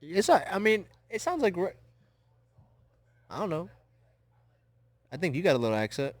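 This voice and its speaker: A man co-hosting a podcast in casual chat, loose, joking and slangy, and openly high. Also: sing-song, moderate pace, dry recording. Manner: loose, joking, slangy, talks over others. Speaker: podcast co-host.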